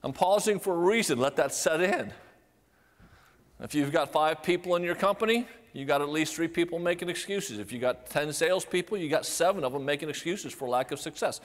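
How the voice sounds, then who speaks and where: An older man gives a motivational sales keynote in a fairly high-pitched voice at a fairly quick pace. He tells animated stories, acts out quoted voices, and fires rhetorical questions at the crowd.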